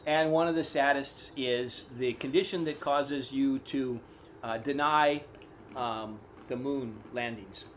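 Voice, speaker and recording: A man's voice: mid-range voice, steady tone, slow pace, fairly bright tone, a little hiss or hum. A man co-hosting a podcast in casual chat, teasing his partner and laughing often while he makes long, rambling points. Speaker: podcast co-host. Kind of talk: casual chat about motorcycle racing.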